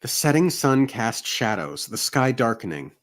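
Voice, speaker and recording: A man, co-host of a book channel, narrating a fantasy story aloud in a steady reading voice. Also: mid-range voice, moderate pace. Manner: steady reading, jokey asides. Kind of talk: amateur story read-aloud.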